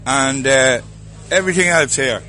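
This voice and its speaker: A man's voice: medium pitch, moderate pace, sharp tone. An Irish man hosting casual walkabout interviews at a festival, chatty and jokey, laughing often. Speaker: roving host at a festival.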